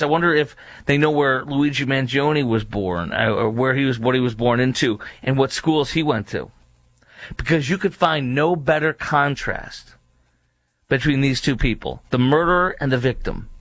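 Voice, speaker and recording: A man's voice: mid-range voice, a bit bright, dry recording. Indignant male commentator, dry sound. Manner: indignant, mocking, repetitive rhetorical questions; frequent fillers and restarts. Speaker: political commentator. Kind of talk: casual opinion commentary.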